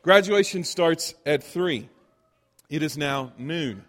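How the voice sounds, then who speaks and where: Brief: male comic, self-deprecating storyteller, high voice, reverberant hall. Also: slow. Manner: animated, self-deprecating anecdotes with acted-out quotes. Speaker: comedian. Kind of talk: stand-up storytelling. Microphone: handheld microphone.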